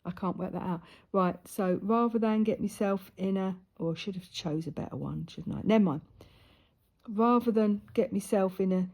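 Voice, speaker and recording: Her voice is mid-range and a little mellow, at normal speed. A middle-aged sewing vlogger, she talks casually while sewing, rambling from story to story with frequent whispered asides, picked up by a camera placed close in front.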